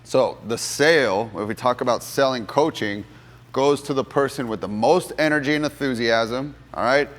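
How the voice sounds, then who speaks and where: A man's voice: mid-range voice, moderate pace, in a large hall. A man giving a motivational sales workshop to gym coaches, telling stories and acting out the voices in them. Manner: animated storyteller, acts out courtroom voices. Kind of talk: motivational workshop talk with storytelling.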